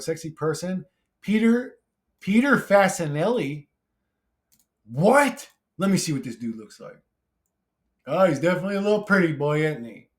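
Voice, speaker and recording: Brash, profane man ranting on his channel. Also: on the high side. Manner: brash, profane, laughs often; rambling with frequent fillers and restarts. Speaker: YouTuber reading and answering comments. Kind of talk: casual comment-reply monologue.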